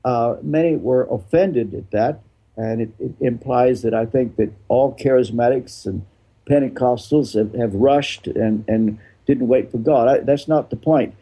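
A man's voice: mid-range voice, unhurried, warm tone. An older man, a retired pastor being interviewed, explaining his views emphatically and answering his own rhetorical questions.

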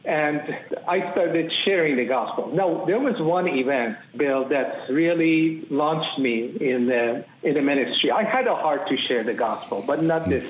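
A man tells his personal testimony as an interview guest, speaking earnestly and with emphatic repetition. His voice sits a little high for a man. The audio is thin and phone-like, with a roomy echo. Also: expressive, unhurried, hardly any pauses, slight background noise. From Iran. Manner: earnest, emphatic, repeats phrases for weight. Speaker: ministry leader, interview guest. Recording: tinny phone-like audio in an echoey room.

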